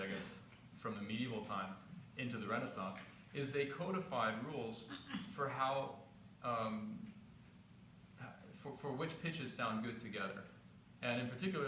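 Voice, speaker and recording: A man leading a music workshop, explaining theory in a casual lecture style and asking the audience rhetorical questions. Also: mid-range voice. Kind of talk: lecture with live demonstration. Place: festival workshop venue. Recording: very echoey, dull sound, loud instrument behind. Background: instrument tones playing.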